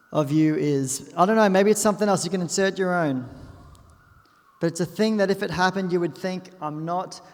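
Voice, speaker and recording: Young Australian male pastor, chatty storyteller, raised pitch, big-hall echo. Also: a little mellow. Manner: chatty storytelling with self-deprecating asides. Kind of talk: sermon. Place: church auditorium. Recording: long hall reverb.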